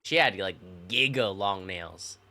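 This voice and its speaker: A man's voice: deep voice, lively intonation, measured pace, sharp tone. A young man casually telling childhood stories to his stream chat, rambling and swearing with plenty of fillers. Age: young adult. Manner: rambling, profane, lots of fillers.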